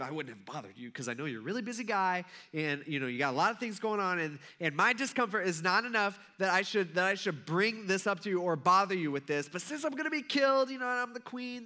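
Brief: a man doing a young queen, high and bright, chatty and wry as she pleads.

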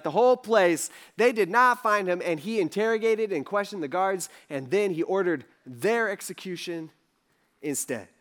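A young man giving a casual sermon, telling stories in a chatty way, acting out people's words with lots of fillers. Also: sits high. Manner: chatty, acts out characters in quotes, lots of fillers. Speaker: pastor.

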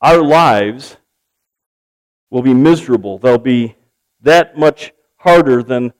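A man's voice: medium pitch, takes it slowly, low-quality recording. A man preaching a sermon, telling a joke story and acting out its characters with animation. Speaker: pastor.

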